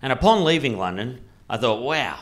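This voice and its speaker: An Australian man doing stand-up on a club stage, telling absurd stories in a deadpan way with hesitant fillers. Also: mid-range voice, a little slow. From rural New South Wales, Australia. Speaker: stand-up comedian. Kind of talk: stand-up comedy set. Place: comedy club stage with live audience. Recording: live club recording, noisy. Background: audience laughter.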